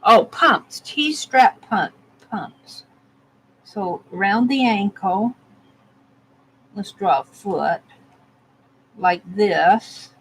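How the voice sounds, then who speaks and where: A woman's voice: mid-range voice, drawn-out words, long pauses, fairly bright tone, slight background noise, rough recording. A woman narrating casually as she carves a stamp, thinking aloud and laughing at herself. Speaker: art vlogger. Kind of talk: casual narration while crafting.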